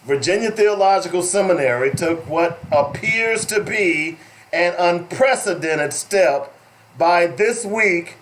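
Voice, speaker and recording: A man hosting a talk radio show in a drawl, his voice sitting somewhat high. He jokes, teases and breaks into laughter as he reads. A faint steady noise runs under the studio mic. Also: slow pace. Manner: joking, laughs often, playful put-on drawl. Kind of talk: casual talk radio banter.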